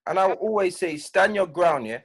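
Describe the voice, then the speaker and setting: A man speaks with animated conviction in a casual podcast conversation. His voice sits somewhat high for a man. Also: brisk, husky. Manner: animated, firm advice. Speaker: DJ guest.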